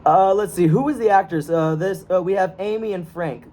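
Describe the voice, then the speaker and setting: Young American man with a higher voice. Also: moderate pace, mellow. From United States. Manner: joking, laughs often, trips over words. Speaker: co-host of a script reading video. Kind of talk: casual banter. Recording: faint room noise.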